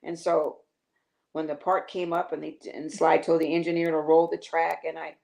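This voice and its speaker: An older woman, a guest singer, telling a lively story on a talk show and acting out the quotes with laughter. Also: sits low, normal speed, vocal fry.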